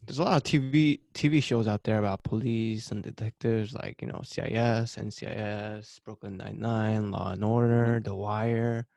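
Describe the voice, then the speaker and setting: Gravelly low-voiced podcast co-host. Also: male voice, fairly even intonation, moderate pace, hardly any pauses, darkish tone, no echo. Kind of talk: casual podcast chat.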